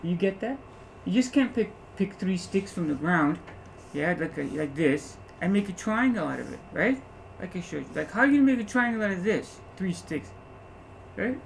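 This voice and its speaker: A man lectures a class on algebra with a gravelly, rough-edged voice. He is animated and insistent, pausing often to ask whether the students are following. Faint noise sits under the recording. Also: high voice, poor audio. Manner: animated, keeps checking understanding with rhetorical questions. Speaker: math teacher.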